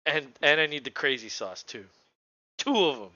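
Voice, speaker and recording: A man co-hosting a casual live football reaction show, excitable and quick to swear and laugh. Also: mid-range voice, dry recording, lo-fi sound. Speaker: co-host.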